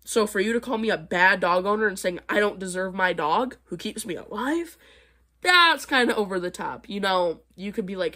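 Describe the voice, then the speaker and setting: Young woman on her vlog, blunt and sarcastic, mid-pitch voice, chuckles between points. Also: animated, moderate pace, bright, forceful tone. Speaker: vlogger reacting to comments. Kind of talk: casual vlog commentary.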